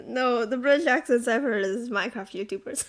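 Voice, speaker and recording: A woman's voice: fairly high pitch, brisk. A woman with an American accent in casual banter as a co-host, laughing often and swearing when she gets defensive.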